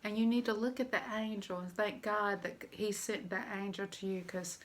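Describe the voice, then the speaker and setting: A woman's voice: mid-range voice, fairly even intonation, normal speed, a bit bright. An older woman with a Southern US accent, telling a personal story in a rambling, emotional vlog. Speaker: vlogger.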